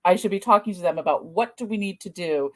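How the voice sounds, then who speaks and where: A woman's voice: lowish voice, quick pace, fairly bright tone. A middle-aged woman hosting a podcast interview, chatty and self-deprecating, laughing easily about her own parenting. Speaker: podcast host.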